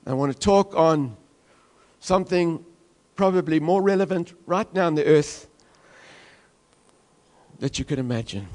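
A male pastor preaching a sermon to his church, swinging between loud declarations and hushed, intense stretches. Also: on the high side, a little slow, long pauses.

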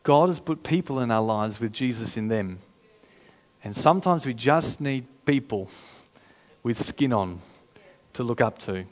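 A pastor preaching a sermon in a conversational, emphatic way, repeating phrases for effect. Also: male voice, medium pitch, animated, measured pace.

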